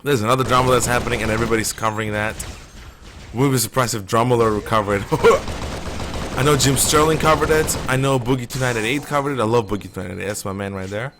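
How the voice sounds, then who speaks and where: A man's voice: medium pitch, quick pace, noisy background. A man streaming a shooter game live, rambling and opinionated as he plays. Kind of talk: casual live gameplay commentary.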